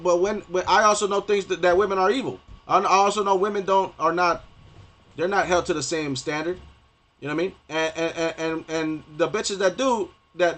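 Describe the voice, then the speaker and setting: A man's voice: high-pitched, fairly bright tone. A young man ranting on a gaming stream, profane and rambling, stumbling over restarts and repeating himself.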